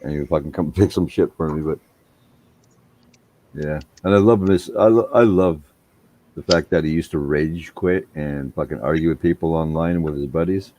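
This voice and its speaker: A middle-aged man in casual chat, telling animated stories full of swearing. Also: extremely low pitch, moderate pace, slight background noise. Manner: profane, animated storytelling.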